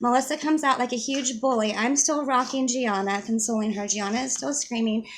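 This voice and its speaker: Upset woman retelling a story, higher voice. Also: a little fast. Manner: rambling, upset retelling with many fillers and restarts. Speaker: mother telling her story. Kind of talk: casual first-person storytelling to camera.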